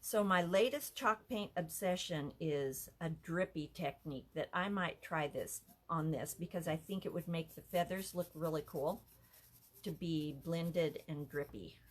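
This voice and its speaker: A woman's voice: deep voice, a little slow. A woman leading a live craft lesson from an art center office, chatty and easily amused. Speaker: art instructor.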